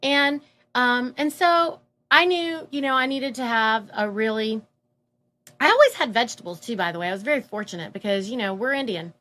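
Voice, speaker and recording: A woman casually telling a personal story, animated and full of fillers, acting out the voices of people she quotes. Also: a little high, normal speed. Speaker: guest telling her story.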